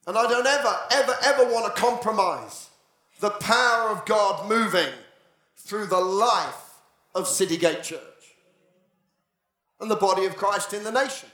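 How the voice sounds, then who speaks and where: A male pastor preaching a sermon, moving from dramatic, animated storytelling to hushed, near-whispered passages. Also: high-pitched, normal speed. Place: church. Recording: echoey church hall.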